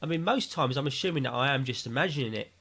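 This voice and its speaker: A man's voice: medium pitch, lively intonation, fast, fairly bright tone, slightly rough. A man co-hosting a podcast, rambling casually with self-mocking asides. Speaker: podcast co-host. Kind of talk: casual chat.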